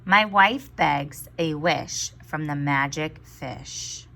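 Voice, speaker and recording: A woman's voice: sits low, slow pace, creaky, sharp tone, slight background noise, voice pushed down, exaggerated voice. A woman teacher voicing a timid, kindly fisherman in a storybook read-aloud, meek and pleading.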